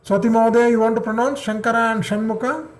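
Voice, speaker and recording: A man's voice: very high voice, fairly even intonation, quick pace. A man teaching an online class. He repeats syllables patiently and checks that the students follow. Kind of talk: online class drilling pronunciation.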